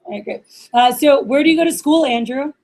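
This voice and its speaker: A young woman leads a receptionist workshop in a loose, chatty way, full of "like" and "uh," and acts out both sides of phone calls. Her voice sits a little high. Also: brisk, darkish tone. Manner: casual, chatty, many fillers like "like" and "uh". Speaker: receptionist trainer. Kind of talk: workshop training talk with role-played phone calls.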